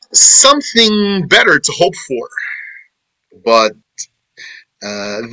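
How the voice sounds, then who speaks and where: A man teaching a verse-by-verse Quran commentary, reciting Arabic verses briskly and then explaining them slowly in English, repeating phrases. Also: mid-range voice, bright, forceful tone, no echo, poor audio. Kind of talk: verse-by-verse tafsir lesson.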